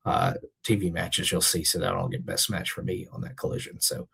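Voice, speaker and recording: A man's voice: deep voice, little pitch movement, moderate pace, gravelly, a bit bright, slightly rough. A man hosting a casual wrestling recap show, losing his voice, talking loosely with many fillers. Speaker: host.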